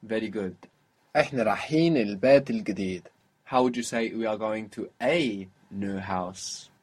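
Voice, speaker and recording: A man's voice: fairly low pitch, fast talker, a little mellow, slightly rough. A man teaching a spoken language lesson, patiently explaining pronunciation and prompting his student.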